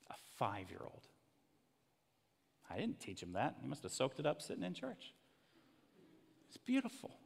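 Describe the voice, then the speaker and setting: A man delivering a sermon as a pastor, telling stories and sinking into hushed, emotional quiet at tender moments. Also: medium pitch, huge pitch swings, normal speed, vocal fry, long pauses, husky, long reverb tail. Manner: storytelling, dropping to a hushed, emotional near-whisper in quiet passages.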